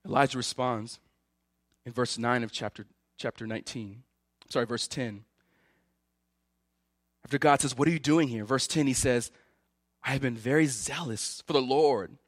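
A man's voice: fairly high pitch, no echo, clean studio sound. A man preaching a sermon, voicing the words of biblical figures with feeling. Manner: animated preaching, voices Elijah's and God's words with feeling. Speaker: pastor.

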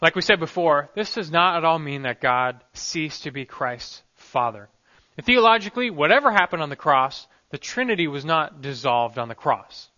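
A man preaching an expository sermon as pastor, earnest and emphatic, often letting the ends of his phrases drop soft. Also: fairly high pitch, animated, moderate pace. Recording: dull lo-fi recording.

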